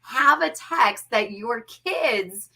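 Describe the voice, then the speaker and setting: Bright, effusive woman interview host. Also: on the high side, animated, drawn-out words, gravelly, slightly rough. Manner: effusive, exclamatory reactions. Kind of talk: interview questions.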